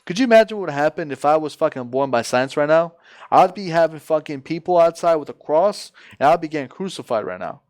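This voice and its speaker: A man's voice: fairly high pitch, animated, fast talker, darkish tone. Ranting, profane man on voice chat. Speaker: voice chat participant. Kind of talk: heated casual argument.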